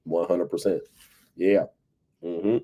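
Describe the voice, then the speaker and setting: A man with a low, steady, dark voice hosts a casual livestream, speaking slowly and loosely to viewers, laughing often and reading chat messages aloud. The audio sounds dull.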